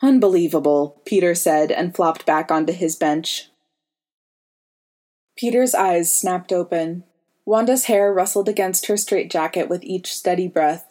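A woman narrating a story in a steady, even reading voice. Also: lowish voice, measured pace. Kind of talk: audiobook reading.

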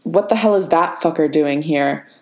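A woman's voice: low-pitched, moderate pace, roomy sound. A woman voicing a joking, sarcastic male prisoner. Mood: wry. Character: wisecracking male prisoner, joker.

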